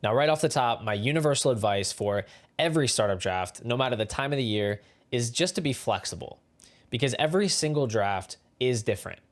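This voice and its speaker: A man hosting his fantasy football channel, talking through draft advice in steady, explanatory scripted commentary. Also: mid-range voice, brisk, faint music behind.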